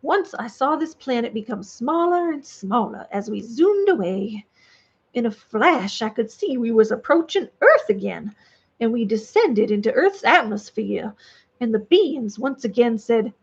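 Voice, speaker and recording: A woman's voice: fairly high pitch, sing-song, unhurried, breathy edge. A woman vlogger casually reading online stories aloud, rambling with off-script asides, on a dull lo-fi recording.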